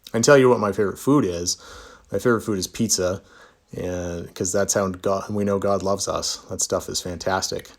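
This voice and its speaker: A man with a low-pitched voice speaks at normal speed with fairly even intonation. He's a divorce attorney in Utah doing a casual live Q&A, reading viewer comments aloud and answering with easygoing, self-deprecating humor.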